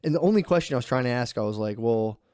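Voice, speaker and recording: A man's voice: medium pitch, lively intonation, rapid-fire, darkish tone, smooth, no echo, studio quality. A young man co-hosting a podcast, telling a story in a loose, rambling way, swearing and laughing often. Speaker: podcast co-host. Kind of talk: casual chat.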